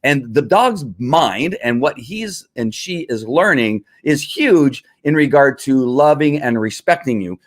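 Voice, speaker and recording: Man, livestream host, conversational, explanatory, middle pitch, lots of fillers. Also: expressive, a little slow, few pauses. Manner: conversational, repetitive teaching, with fillers. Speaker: livestream host and dog trainer. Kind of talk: live-streamed explanatory chat.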